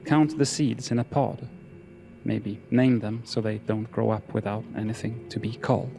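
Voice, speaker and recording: A man narrating horror fiction in a slow, measured, solemn delivery. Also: fairly low pitch, steady tone, gravelly, music in the background.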